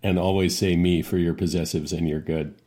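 A man's voice: low-pitched, steady tone, a little fast, warm tone. A man co-hosting a casual podcast, cracking dry jokes and wordplay. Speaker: podcast co-host.

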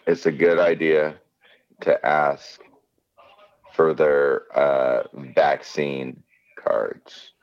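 A man's voice: very deep voice, very slow, pauses often, muffled recording. A man co-hosting a casual chat, rambling and acting out quoted people as he talks. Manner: rambling, animated, acts out quotes. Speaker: podcast co-host.

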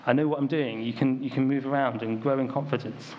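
A young British man preaches to a church congregation in a casual, storytelling style, his conversational sermon full of ums and likes. His voice is medium-pitched with fairly even intonation and a quick pace. The recording is dull and lo-fi, with faint ambient noise.

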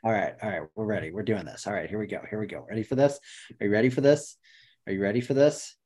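A man co-hosting a casual sports podcast, excitable and swearing, muttering to himself as he searches. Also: on the low side, fast. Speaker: podcast co-host. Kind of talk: casual chat.

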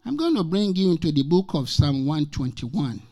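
A man's voice: on the high side, very animated, normal speed, mellow, faint music behind. A man in his sixties from Nigeria, preaching as a guest speaker and telling stories from his own life. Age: 60s. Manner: emphatic, repeats scripture lines, tells personal stories. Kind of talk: sermon.

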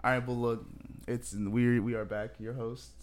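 A relaxed American man co-hosting a podcast, chatting loosely with a friend and swearing freely. His voice sits at an ordinary middle pitch, and his talk is easygoing and unpolished. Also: normal speed, a little hiss or hum. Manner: laid-back, swearing banter. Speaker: podcast co-host. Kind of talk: casual chat.

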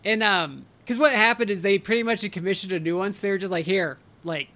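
A man's voice: high-pitched, fast, pushed and bright. A man in casual chat, rambling with lots of fillers.

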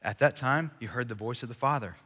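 A man's voice: mid-range voice, fairly quick, a bit bright. A man giving a casual sermon to a live audience in a large room, talking conversationally and joking with the crowd. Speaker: preacher. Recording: long reverb of a large hall.

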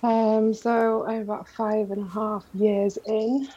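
A woman guest on a podcast interview with a calming voice, talking openly and reflectively with frequent ums. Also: mid-range voice, slow, husky, muffled recording. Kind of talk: conversational interview.

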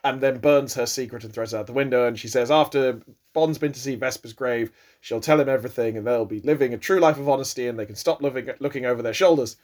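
A man's voice: mid-range voice, fast talker, darkish tone. A man in casual podcast chat, retelling a film plot with swearing and mocking quoted voices. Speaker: podcast co-host.

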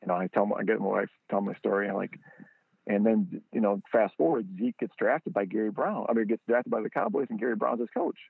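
A man, a product founder being interviewed, telling a lively story and acting out quotes with a jump in pitch. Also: brisk, creaky, husky, dry recording. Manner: animated storyteller, acts out quotes in a higher voice. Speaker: guest, football training product founder. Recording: tinny phone-line audio.

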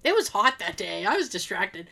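Bright-voiced woman telling a story. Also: mid-range voice, normal speed, vocal fry, husky. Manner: animated, laughing, acts out quotes. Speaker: podcast co-host. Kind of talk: casual storytelling chat.

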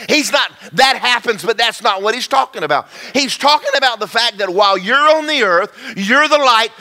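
A man preaching to a congregation, with a bright, forceful voice pitched a little high. He swings between loud emphatic lines and low, quiet asides, acting out folksy little dialogues as he goes. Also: creaky. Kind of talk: sermon.

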